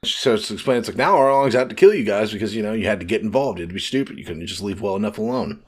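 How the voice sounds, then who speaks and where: A man co-hosting a casual podcast, retelling story scenes and quickly paraphrasing the characters' lines. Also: fairly low pitch, expressive, slightly rough. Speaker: podcast co-host.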